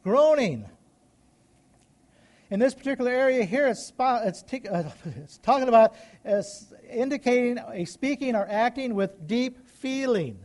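A man's voice: extremely high pitch, lively intonation, a little slow, darkish tone. A middle-aged male pastor preaching a sermon, rising into emphatic calls and questions to the congregation.

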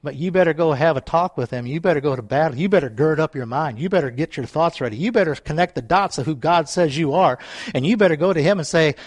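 A man, a pastor, preaching a sermon with fervent repetition and calls to the congregation, chuckling often and at times dropping to a soft, low voice. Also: quick pace, dry recording, studio quality.

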